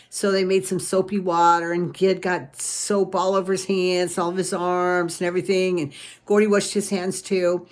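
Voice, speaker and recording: A woman's voice: mid-range voice, moderate pace. A woman telling a family adventure story aloud in a homey, rambling way, full of "and, uh" restarts. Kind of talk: unscripted read-aloud storytelling.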